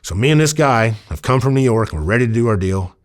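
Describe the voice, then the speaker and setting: A man's voice: medium pitch, lively intonation, fast talker. Rambling storyteller man from Iowa. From Iowa, USA. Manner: loose and rambling, many fillers, acts out quoted dialogue. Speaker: former undercover officer, interview guest. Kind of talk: casual storytelling in an interview.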